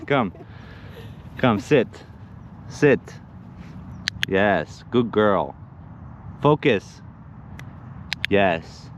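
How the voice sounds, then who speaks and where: A man's voice: lowish voice, animated, drawn-out words, long pauses, background noise. A man chatting casually on an outdoor livestream while training his dog, rambling with restarts and giving short firm commands. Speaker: dog owner and co-host. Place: outdoors in a park.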